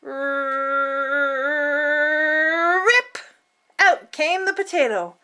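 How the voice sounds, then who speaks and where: A woman reading a picture book aloud to children in an expressive, playful storytelling manner. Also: high-pitched, measured pace.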